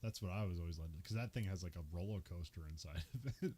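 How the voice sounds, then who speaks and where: A man's voice: low voice, expressive, fast talker, dark tone. A young man hosting a podcast, casually recapping a film with lots of filler words and laughs. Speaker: podcast host. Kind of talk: casual movie recap chat.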